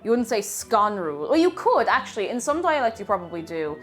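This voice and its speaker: A woman's voice: a little high, big pitch swings, quick pace, faint music behind. Chatty Irish woman streamer. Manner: chatty, playful, greets chat viewers by name. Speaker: livestream host. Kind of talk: casual chat while baking on a livestream.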